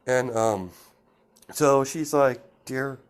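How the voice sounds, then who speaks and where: A man's voice: lowish voice, fairly even intonation, unhurried, a little mellow. A man telling an improvised story in a casual, rambling way, full of fillers and restarts. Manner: rambling, many fillers and restarts, laughs at himself.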